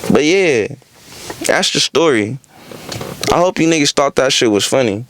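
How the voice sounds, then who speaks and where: A young man telling a casual storytime on his vlog, animated and heavy on profanity and street slang. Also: medium pitch, moderate pace, a little hiss or hum. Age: young adult. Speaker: vlogger.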